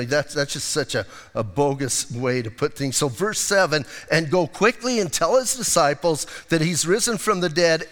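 A male pastor preaching a lively, conversational sermon and acting out quotes as he goes. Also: on the high side, big-room sound.

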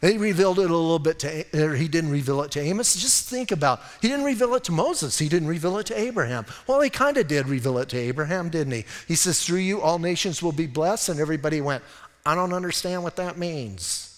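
A male pastor with a fairly high voice preaches in a casual, emphatic manner, often urging his listeners to listen. His sermon rings out with a long reverb in a church sanctuary. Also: expressive, quick pace, few pauses. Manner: emphatic and conversational, repeats "listen", acts out little scenes.

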